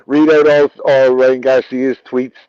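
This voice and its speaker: A man's voice: medium pitch, little pitch movement, a little slow, darkish tone, clear, resonant tone, dry recording. A British man co-hosting a casual boxing podcast, swearing freely in incredulous banter. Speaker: podcast co-host. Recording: dull lo-fi sound.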